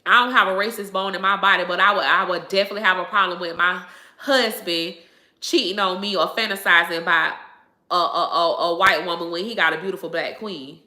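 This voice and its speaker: A woman's voice: fairly low pitch, steady tone, a little fast, sharp tone, roomy sound. A woman hosting a casual livestream, talking emphatically, repeating herself and laughing often. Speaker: livestream host answering viewers.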